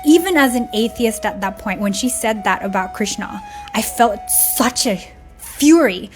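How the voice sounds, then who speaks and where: A woman's voice: fairly high pitch, animated, unhurried, faint music behind. A young woman vlogger telling a heartfelt personal story in a casual, conversational way, tearing up at times. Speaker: spiritual vlogger.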